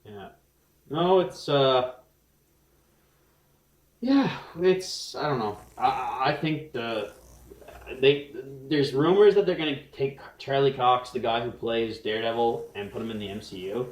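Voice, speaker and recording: A young man co-hosts a relaxed podcast, talking at a middle pitch. He rambles, restarts his thoughts and shifts between quick bursts and slow stretches. His voice rings in a noticeably echoey room. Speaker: podcast co-host. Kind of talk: casual chat. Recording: roomy echo.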